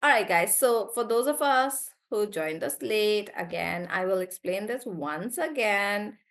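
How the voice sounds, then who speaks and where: A woman teaching a live online English class, warmly praising students and slowly drawing out words as she models how they sound. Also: mid-range voice, animated. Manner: encouraging, drawn-out words when modelling pronunciation.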